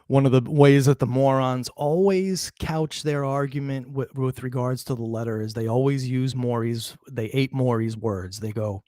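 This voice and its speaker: A man's voice: mid-range voice, steady tone, moderate pace, few pauses, dark tone, dry recording, studio quality. A man hosting a true crime commentary, reading letter passages aloud and mocking his critics with chuckles and restarts. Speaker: true crime channel host.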